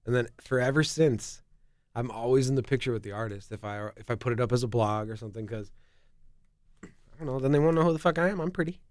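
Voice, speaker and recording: A man's voice: medium pitch, fast, darkish tone, no room sound, clean studio sound. Joking young man on a podcast. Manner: joking, self-mocking. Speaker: podcast co-host. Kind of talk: casual chat.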